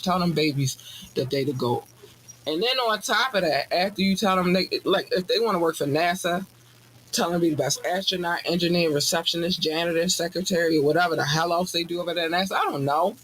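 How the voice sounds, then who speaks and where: A man with a somewhat high voice rants his way through a casual podcast monologue, swearing freely and jumping into sudden high-pitched bursts for comic effect. A faint hiss of background noise sits under his voice. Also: rough recording. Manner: animated, profane, jokey ranting with sudden high-pitched outbursts. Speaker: podcast host.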